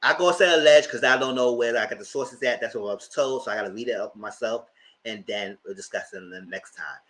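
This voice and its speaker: A man hosting a live TV review, chatting casually in a blunt, slangy, animated way. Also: mid-range voice, brisk, slight background noise, low-quality recording. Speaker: host of a TV review channel.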